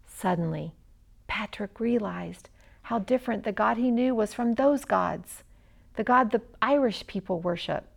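Woman reading a kids story, expressive, lots of pauses, slight gravelly fry. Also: mid-range voice. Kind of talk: children's story narration.

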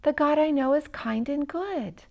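A woman's voice: high-pitched, a little slow, creaky, muffled recording, pitched above the performer's own voice. A woman voicing an earnest, homesick teenage boy in a children's story.

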